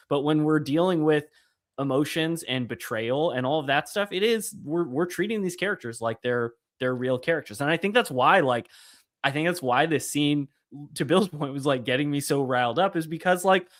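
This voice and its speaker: Man recapping a show scene. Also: fairly high pitch. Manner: animated retelling, quoting characters. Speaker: podcast host. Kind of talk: casual episode breakdown.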